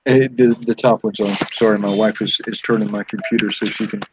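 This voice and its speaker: A man talking earnestly on a casual live stream, laughing often, with a husky voice. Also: fairly low pitch, fairly even intonation, a little fast, background noise. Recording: dull dry online audio.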